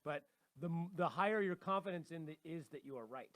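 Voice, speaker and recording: A man co-hosting a comedy podcast, excitable and profane, explaining ideas with quick asides. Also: fairly high pitch. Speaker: podcast co-host. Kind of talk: casual comedic chat.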